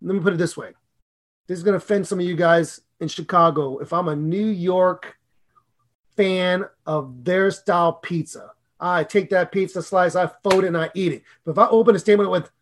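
A middle-aged man co-hosting a podcast on public speaking, talking in an excitable, animated way with big jumps in pitch and loudness. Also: normal speed. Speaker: podcast co-host and speaking coach.

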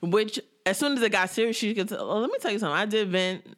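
A woman's voice: mid-range voice, quick pace. A woman co-hosting a casual chat, recapping a reality show with lots of laughter and acted-out quotes. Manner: animated, laughing, acts out quotes.

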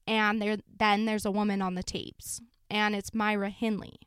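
Clear-voiced woman telling true crime. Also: mid-range voice, level tone, normal speed, few pauses, dry recording, clean studio sound. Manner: casual, sombre retelling with frequent fillers. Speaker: podcast host.

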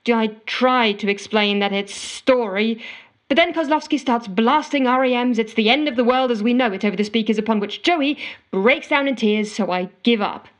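Actress as a desperate, wry woman narrating in a comedic audio drama; exasperated, slightly high pitch. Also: moderate pace, close to an everyday voice. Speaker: narrating character.

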